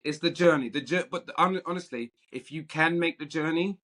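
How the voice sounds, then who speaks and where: A British actor speaking as a guest in an interview, frank and animated, often restarting his sentences. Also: on the high side, normal speed. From Britain. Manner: frank and animated, with many repeated starts. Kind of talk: candid interview conversation.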